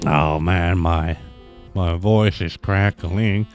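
A man's voice: low voice, takes it slowly, soft background music. A man giving casual let's play commentary on a hidden-object game, grumbling sarcastically and swearing often.

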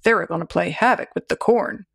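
A woman reading the lines of a gruff, guilty middle-aged farmer in a short story, curt and louder than her narration. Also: fairly low pitch, normal speed, full character voice. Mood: forced. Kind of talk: audiobook reading.

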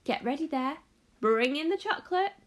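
A woman voicing an excitable, eccentric male chocolate maker in a storybook read-aloud, with a commanding, exclamatory way of talking. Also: high-pitched, normal speed, pitched above the performer's own voice.

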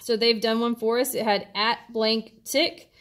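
Woman teacher, slightly high voice, patient step-by-step instruction for students. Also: fairly even intonation, measured pace, fairly bright tone. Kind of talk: classroom instruction video.

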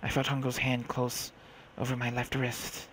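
A man's voice: mid-range voice, monotone, moderate pace, noisy background. A man hosting a let's play, reading the game's story aloud dramatically and adding his own remarks. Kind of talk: reading game text aloud with commentary. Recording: game music behind the voice.

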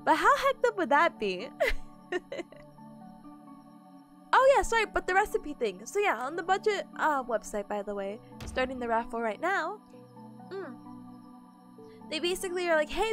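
A woman's voice: high-pitched, sing-song, normal speed, pauses often, a bit bright, soft background music. A sleepy woman streamer chatting casually with her viewers, giggling often and greeting people in chat.

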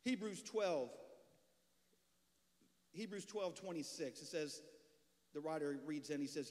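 A man preaching as a pastor, telling a lively story and swinging between loud bursts and low, hushed lines. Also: unhurried, pauses often. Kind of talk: storytelling sermon. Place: church sanctuary. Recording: long church hall reverb.

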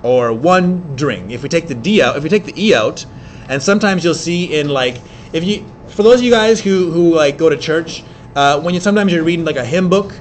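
A man teaching an English class, explaining in quick bursts with many fillers and restarts. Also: a little high, expressive, slight background noise. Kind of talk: classroom lecture.

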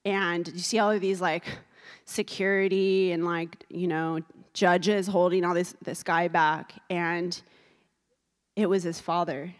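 A woman's voice: lowish voice, fairly even intonation, slow pace. A woman giving an emotional sermon, earnest and building to fervent preaching, with tearful moments. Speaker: youth speaker. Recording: reverberant hall.

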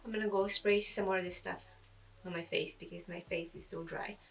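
Woman, makeup tutorial vlogger, bright tense tone, a bit far from the mic. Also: lowish voice, steady tone, a little fast. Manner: chatty, self-deprecating, thinks aloud with fillers. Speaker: beauty vlogger.

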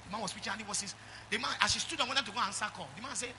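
A middle-aged Nigerian-accented man preaching a sermon in church, calling out to the congregation and swinging from loud exhortation to quiet asides. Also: high voice, racing, background noise. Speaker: pastor.

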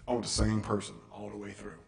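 Animated man teaching a live audience. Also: lowish voice, fast talker, gravelly, a crowd in the background. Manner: animated, acts out quotes and asks rhetorical questions. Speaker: workshop speaker. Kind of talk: interactive teaching talk. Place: church room with a live audience.

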